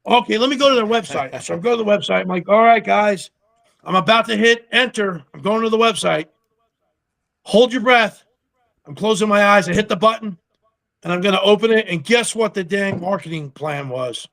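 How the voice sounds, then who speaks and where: A man's voice: sits high, brisk, creaky. A man being interviewed, telling casual stories about starting a business and acting out the dialogue in them, with some salty language. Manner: animated storyteller who acts out quoted dialogue, salty language. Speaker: guest, pickle company co-founder.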